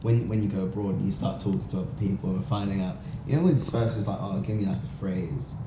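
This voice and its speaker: A man's voice: low voice, fast. A man hosting a podcast in casual chat, talking loosely with lots of fillers. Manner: relaxed, filler-heavy, loose phrasing. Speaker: podcast host. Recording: roomy echo with background noise.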